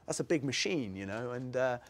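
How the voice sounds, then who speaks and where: A man's voice: medium pitch, expressive, brisk. A young man from England, an actor guest in a casual interview, chatting in a rambling way and laughing easily.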